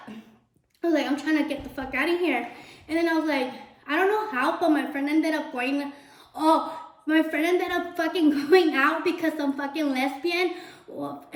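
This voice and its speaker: High-voiced young woman telling a wild story. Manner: chatty, animated storytelling full of swearing. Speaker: vlogger. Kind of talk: casual storytime while cooking. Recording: roomy echo.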